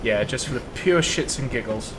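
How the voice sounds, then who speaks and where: A man's voice: medium pitch, lively intonation, normal speed, noisy background. A man casually chatting and joking while live streaming a train simulator. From Wales. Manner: joking, swearing, laid-back banter.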